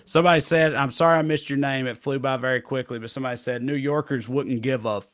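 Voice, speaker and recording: A man with a Southern US drawl hosts a loose comedy chat show and reads out viewer comments. He jokes at his own expense and laughs often, in an easy mid-pitched voice. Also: fairly even intonation, fast talker. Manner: joking, self-deprecating, laughs often. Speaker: show host.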